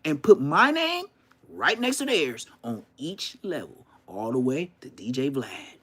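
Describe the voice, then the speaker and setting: A man hosting his podcast in a loud, rambling, profane rant. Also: medium pitch, sing-song, unhurried, breathy edge. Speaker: podcast host. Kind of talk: casual ranting podcast monologue.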